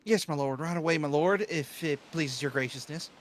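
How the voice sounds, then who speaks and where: A man voicing a timid young village lad who pleads and bows to his lord, with a slow, folksy put-on accent, dubbing a game cutscene. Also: on the high side, slight background noise, lightly acted. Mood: deferential.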